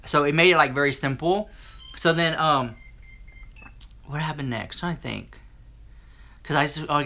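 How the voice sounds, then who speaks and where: Bright, sassy man telling a story. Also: on the high side. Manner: animated and sassy, acts out other people's lines. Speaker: live-stream host. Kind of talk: casual storytelling to a live chat.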